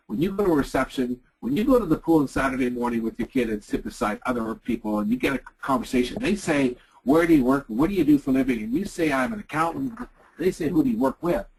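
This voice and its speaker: A middle-aged man with a Canadian accent giving a chatty leadership presentation, acting out quotes in lively voices. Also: a little high, vocal fry, slightly rough, rough recording. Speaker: leadership speaker. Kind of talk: webinar presentation.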